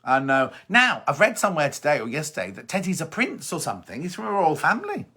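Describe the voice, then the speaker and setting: A middle-aged man fronting a sewing show reads viewers' comments during a casual live chat, gossiping and teasing as he goes. He talks fast in a slightly high voice that swoops wildly in pitch, pushed and bright with a breathy edge.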